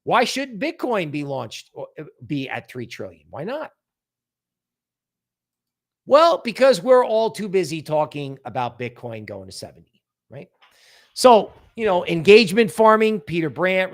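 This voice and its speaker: A man's voice: high-pitched, a little slow. A man hosting a crypto livestream, talking casually and animatedly, often mocking other people's worries in quoted voices. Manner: animated, sarcastic, mock-quoting others.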